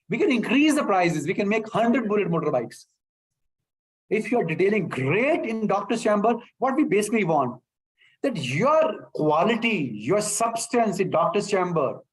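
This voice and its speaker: A man's voice: sits high, low-quality recording. A middle-aged man with an Indian English accent, giving a motivational training talk to sales reps in an emphatic, repetitive way. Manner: emphatic, repetitive, addresses listeners as sir.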